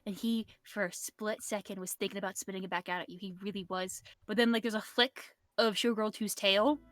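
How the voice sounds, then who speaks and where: A woman's voice: medium pitch, fairly even intonation, a little fast, no room sound. A woman narrating as game master in a casual tabletop game, chatty and full of fillers.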